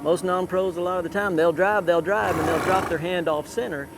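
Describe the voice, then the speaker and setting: High-voiced man coaching a rider. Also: a little fast, music in the background. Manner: calls out short repeated commands. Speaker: cutting horse trainer. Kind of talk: live riding coaching. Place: outdoor riding arena.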